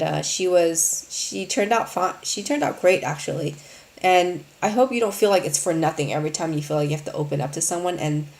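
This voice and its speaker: Low, gravelly woman talking candidly. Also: a little mellow. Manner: earnest, rambling, heavy on fillers like "um" and "you know". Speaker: host of a live Q&A stream. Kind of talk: candid casual talk to viewers.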